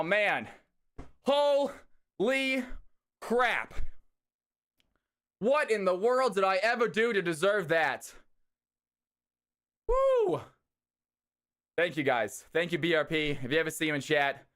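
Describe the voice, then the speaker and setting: Young male stream host, casual and excitable, crisp clear voice. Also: on the high side. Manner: excitable, shouts and cheers on sudden hype. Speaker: streamer hosting a community game night. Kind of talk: casual live-stream chat.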